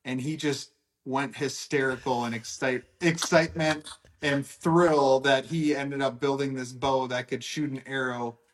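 A man's voice: mid-range voice, steady tone, measured pace, slight background noise. A man, a radio guest telling family stories in a friendly, easygoing way. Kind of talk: casual radio interview.

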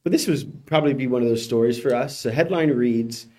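A man's voice: medium pitch, brisk, dark tone. A male radio co-host presenting odd headlines in a wry, matter-of-fact, casual way with light laughs.

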